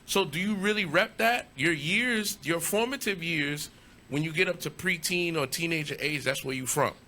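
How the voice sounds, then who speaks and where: A man's voice: a little high, moderate pace, pushed and bright, a little hiss or hum. A man from New York hosting a casual studio interview, joking and bantering with his guest. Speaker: interview host.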